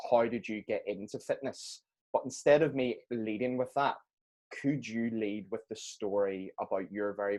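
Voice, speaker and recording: A man's voice: lowish voice, darkish tone. A man hosting a podcast, joking and self-deprecating, laughing often. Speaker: podcast host. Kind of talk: casual interview chat.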